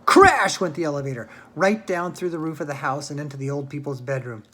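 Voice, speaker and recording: Man, storyteller, reading a children's book aloud, home, plain unhurried narration. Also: on the high side, lively intonation, bright, forceful tone.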